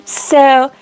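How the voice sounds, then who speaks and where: An older woman hosting a casual crochet livestream, rambling about her week with frequent laughs and reading viewer comments aloud. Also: very high-pitched. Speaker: crochet vlog host.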